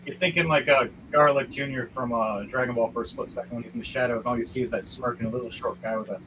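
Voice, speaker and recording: A man's voice: mid-range voice, fairly even intonation, fast, fairly bright tone, a little hiss or hum, low-quality recording. A man narrating a tabletop game as dungeon master, vivid and rambling, with restarts. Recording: music playing behind.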